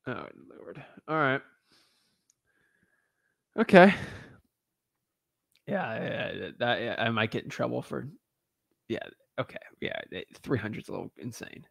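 A man's voice: medium pitch, unhurried, vocal fry, pauses often, no room sound, studio quality. A man talking casually to his viewers, joking and thinking aloud as he browses listings. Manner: animated, joking, talks to himself. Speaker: real estate wholesaler. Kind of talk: casual vlog commentary.

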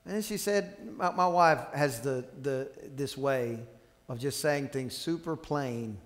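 A man's voice: mid-range voice, a little slow. Man preaching in a reverberant church hall. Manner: storytelling with quoted dialogue, calls to the congregation. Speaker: pastor. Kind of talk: sermon. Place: church sanctuary.

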